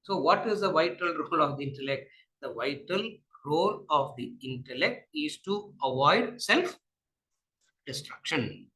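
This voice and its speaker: A man's voice: on the high side, lively intonation, a little slow, pushed and bright, low-quality recording. A man with a Tamil accent giving a classroom lecture on philosophy, asking rhetorical questions and repeating his phrases. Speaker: spiritual lecturer.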